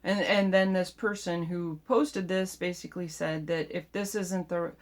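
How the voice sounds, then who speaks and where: A woman speaks in a casual vlog monologue, with a voice on the low side. She rambles and sounds frustrated, circling back and restarting her sentences as she goes. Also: steady tone, unhurried, hardly any pauses. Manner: rambling, frustrated, self-interrupting. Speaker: keto vlogger.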